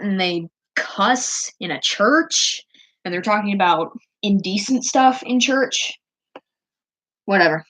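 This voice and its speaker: Woman streamer, chatty and gushing, casual rambling delivery, mid-pitched voice. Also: a bit bright, low-quality recording. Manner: chatty, gushing, fond of cute things. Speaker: streamer showing her artwork.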